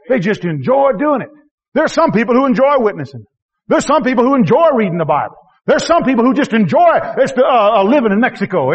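A high-pitched man preaches a sermon, swinging between shouting and hushed tones and chuckling as he goes. His voice comes through a dull, lo-fi recording with muffled highs. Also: big pitch swings, fairly quick, breathy edge. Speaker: missionary preacher.

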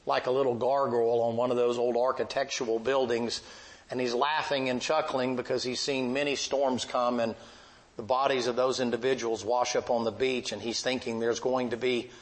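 A man preaching with a gravelly edge in his mid-pitched voice. He paints a Bible scene in folksy, homespun words and lifts into emphatic bursts as the story builds. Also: low-quality recording. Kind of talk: storytelling sermon.

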